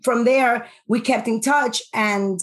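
A woman's voice: on the high side, steady tone, slow pace. A woman in her forties, an actress guest in a casual interview, telling her story in an earnest, reflective way.

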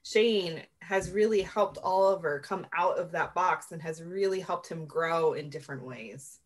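A woman's voice: lowish voice, a little slow. A woman co-hosting a casual movie discussion, recapping scenes in chatty detail.

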